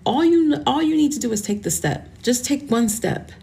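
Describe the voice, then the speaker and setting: A woman's voice: high-pitched, animated, normal speed, vocal fry, dark tone. A woman in her forties hosting a motivational podcast, talking to listeners in an earnest, encouraging way and sounding close to tears. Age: 40s. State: tearful, emotional. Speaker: podcast host.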